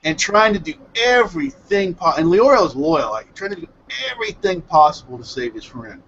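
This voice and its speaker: A man hosting an online hangout, excitedly recapping an anime episode in a rambling, self-correcting way over a headset mic on a video call. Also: on the high side, normal speed, muffled recording, a little hiss or hum. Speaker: hangout host reviewing anime. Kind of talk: casual group hangout chat.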